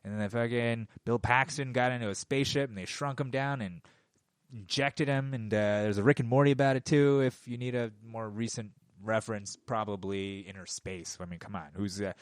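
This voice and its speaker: A middle-aged man in his forties ranting into a microphone, heated and profane. His pitch sits in an ordinary middle range. The sound is dry and close, with no room echo. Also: fairly even intonation, moderate pace, smooth. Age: 40s. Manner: profane, heated, swears constantly. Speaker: podcast host. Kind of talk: casual rant. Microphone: studio microphone.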